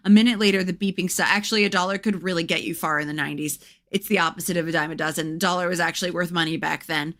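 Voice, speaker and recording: A woman's voice: on the low side, fast, a bit bright. A woman streamer reading a gamebook aloud and breaking off for chatty, wry asides.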